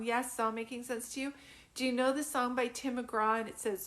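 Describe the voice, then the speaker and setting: Drowsy, halting young woman giving a reading. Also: high voice, steady tone, fairly bright tone. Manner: drowsy, halting, emotional, many fillers. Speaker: psychic medium. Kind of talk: live reading to a viewer.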